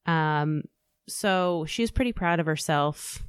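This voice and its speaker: Woman, 30s-40s, organizer-vlogger; low, rambling, casual chat. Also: takes it slowly, smooth, dry recording. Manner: chatty, rambling, frequent "like" and "um". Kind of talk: casual personal storytelling.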